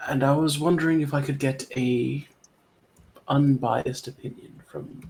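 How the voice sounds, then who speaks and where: A man playing a tabletop game who speaks in character in a polite, formal, and measured way. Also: mid-range voice, steady tone, creaky, darkish tone, a little hiss or hum, poor audio. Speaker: player. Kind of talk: in-character role-play.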